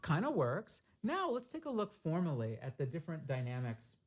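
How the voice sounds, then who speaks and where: A man's voice: a little high, wildly swooping pitch, normal speed, soft background music. Man teaching snare drum technique. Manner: thoughtful, explains step by step, vocalizes rhythms. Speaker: percussion teacher. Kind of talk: instructional demonstration.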